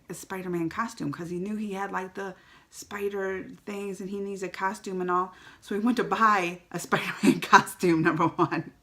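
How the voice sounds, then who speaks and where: A woman giving a casual, emotional vlog movie review to the camera, chatty and quick to tear up or laugh. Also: fairly low pitch, fairly bright tone.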